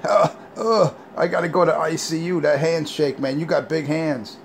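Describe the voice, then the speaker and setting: A man's voice: on the high side, steady tone, moderate pace, a little hiss or hum, voice pushed up, close to an everyday voice. A man voicing a cowardly, whiny man who stammers and shrieks for help. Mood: whining. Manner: stammering, panicky.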